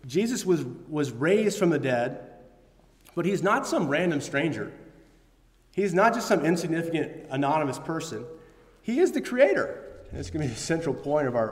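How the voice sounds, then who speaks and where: A man preaching a sermon, earnest and quoting scripture, with emphatic bursts. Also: on the high side. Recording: long hall reverb.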